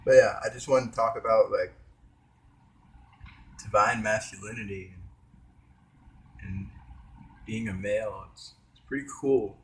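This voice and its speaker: A man's voice: lowish voice, a little slow, long pauses. Rambling young man, talking with his mouth full. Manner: hesitant, trailing off, many fillers. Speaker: vlogger. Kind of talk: rambling casual monologue.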